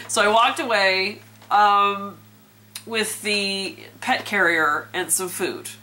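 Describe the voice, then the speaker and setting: A woman's voice: mid-range voice, measured pace, bright, forceful tone. A woman vlogging in a chatty, self-mocking way and laughing often, talking from outdoors and from inside a parked car. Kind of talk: casual storytelling vlog.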